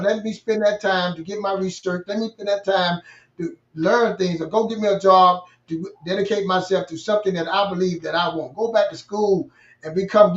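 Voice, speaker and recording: Man, earnest and repetitive, far from mic, echoey room, muffled sound. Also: sits high. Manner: earnest, repeats himself, speaks in bursts. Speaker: co-host. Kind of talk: casual conversational talk. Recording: distant, roomy, dull remote audio.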